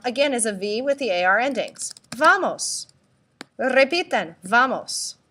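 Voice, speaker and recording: Woman language teacher, fairly high and bright tone, deliberate tutorial delivery with repeat-after-me prompts. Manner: slow, deliberate, spells out letters and prompts repetition. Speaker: Spanish teacher. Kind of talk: recorded classroom tutorial.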